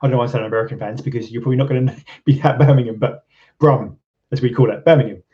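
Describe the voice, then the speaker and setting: A man's voice: mid-range voice, steady tone, rapid-fire, highs cut off. Rambling English man chatting on a stream. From England. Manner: rambling, many ums and restarts, chuckles often. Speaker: channel host. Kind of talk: casual live-stream chat reading viewer comments.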